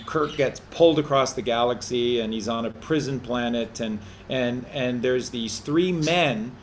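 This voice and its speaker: A man's voice: medium pitch, a little hiss or hum. A man co-hosting a community call-in chat, rambling and often restarting and repeating his words. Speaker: co-host.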